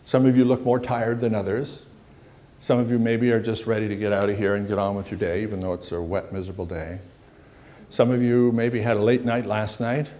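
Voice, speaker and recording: Leading a seminar in front of a live audience, a middle-aged psychologist talks in a conversational way, voicing the dialogue of little stories he tells. His voice is on the low side and mellow, with fairly even intonation and a fairly quick pace.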